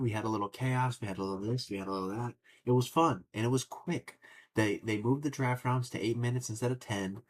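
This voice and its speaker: Husky low-voiced young man, opinionated. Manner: opinionated, rambling, swears casually. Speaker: podcast host. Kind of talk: casual sports talk.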